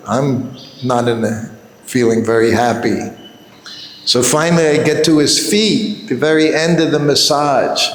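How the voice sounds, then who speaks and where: A man's voice: fairly high pitch, a little hiss or hum. A man in his seventies giving a religious class, telling a personal story and chuckling often. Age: 70s. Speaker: devotee giving a scripture class. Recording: echoey hall with long reverb.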